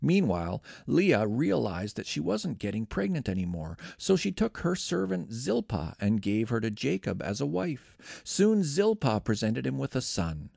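Gravelly expressive scripture reader, man. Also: mid-range voice, moderate pace, hardly any pauses, dry recording, studio quality.

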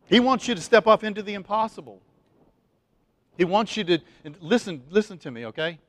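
A man in the pulpit delivering a folksy, conversational sermon, pitched a little higher than most men. He keeps talking straight to the congregation with asides and restarts. The sound is close and dry, with no room ring. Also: animated, a little fast, fairly bright tone, no room sound. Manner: chatty, folksy, lots of fillers and restarts. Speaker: pastor.

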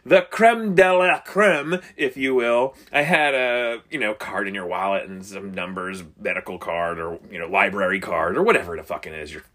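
A man's voice: sits low, a little fast, few pauses, sharp tone. A man co-hosting a casual podcast chat, joking and swearing as he tells stories. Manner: profane, joking storyteller.

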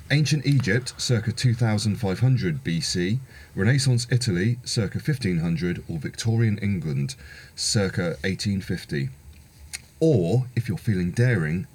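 A man's voice: deep voice, breathy edge. A man reading aloud as a brash, sweary male AI game master, in a bold, theatrical announcer delivery.

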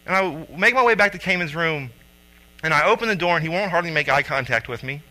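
A man in his thirties, a father and youth coach, telling a personal story with lively acted-out quotes. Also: a little high, fast talker, rough recording. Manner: animated storyteller acting out quotes loudly.

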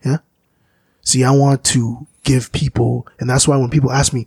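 Gravelly-voiced man musing slowly. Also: medium pitch, flat delivery, darkish tone, dry recording. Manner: slow, searching, philosophical, often restarts. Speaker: musician guest. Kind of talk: reflective conversation.

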